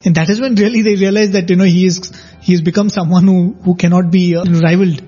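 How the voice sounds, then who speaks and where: A man's voice: sits high, fairly even intonation, fast, dark tone, slightly rough, highs cut off, soft background music. A man in a devotional discussion, explaining episodes at length with frequent asides.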